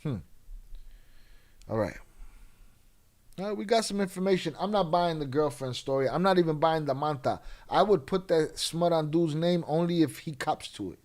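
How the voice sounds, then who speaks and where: A man's voice: fairly high pitch, moderate pace, darkish tone. A man hosting a casual livestream, talking bluntly and skeptically with a lot of swearing. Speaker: livestream host.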